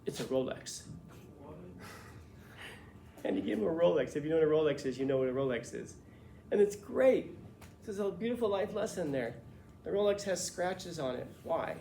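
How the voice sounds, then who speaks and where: Brief: male teacher, casual storyteller, a bit high-voiced, echoey classroom. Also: moderate pace, gravelly, pauses often. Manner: casual, lively, swears and jokes. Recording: echoey classroom, faint noise.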